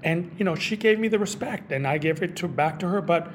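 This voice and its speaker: A man as an interview guest, speaking reflectively and haltingly with frequent restarts. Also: high voice, slight background noise. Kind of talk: conversational interview.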